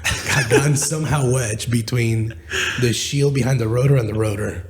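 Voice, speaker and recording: A man from Venezuela, a guest in a casual podcast chat, telling car stories in an animated way. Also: mid-range voice, moderate pace. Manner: animated storyteller who acts out quotes.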